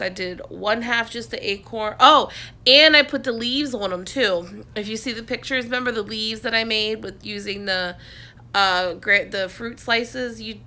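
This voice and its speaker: A woman's voice: mid-range voice, sharp tone. Chatty woman vlogging from her couch. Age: adult, has a son. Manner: rambling, chatty, many fillers and restarts. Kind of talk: casual chat to camera. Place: at home on a couch. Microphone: phone on a selfie stick, close.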